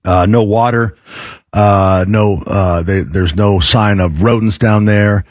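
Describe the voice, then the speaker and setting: A man's voice: lowish voice, slow, no room sound. A man hosting a radio show, reading an ad in a joking, rambling way. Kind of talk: casual radio chat and live-read ad.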